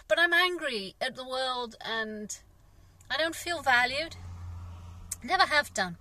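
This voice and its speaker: An English gardener from England speaks in a high, animated, slow voice with a sharp tone, rambling candidly through a vlog monologue. She sounds frustrated, sighing often and using lots of fillers. The recording is dry and rough.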